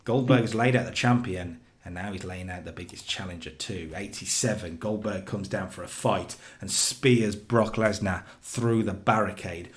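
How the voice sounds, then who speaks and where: A man co-hosting a casual chat, recapping wrestling storylines with animated storytelling. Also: low voice. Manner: animated storytelling, does quick character voices in quotes. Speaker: co-host recapping a wrestling sim save.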